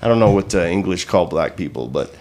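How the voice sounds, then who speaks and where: Dude on a podcast rambling about sports, lots of cussing, faint background noise. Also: male voice, low-pitched, animated, brisk, creaky. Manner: profane, rambling with restarts. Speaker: podcast co-host. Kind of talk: casual chat.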